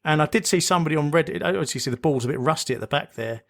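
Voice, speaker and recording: A man's voice: fairly high pitch, lively intonation, rapid-fire, gravelly. A man co-hosting a podcast in casual chat, rambling, restarting and joking. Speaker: podcast co-host.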